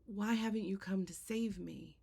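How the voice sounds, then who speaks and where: A woman's voice: mid-range voice, normal speed, gravelly, darkish tone, slight background noise, voice pushed up, close to an everyday voice. A woman voicing a scared stubborn man pleading with God. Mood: desperate. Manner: pleading, insistent refusals. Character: frightened stubborn man awaiting rescue from God.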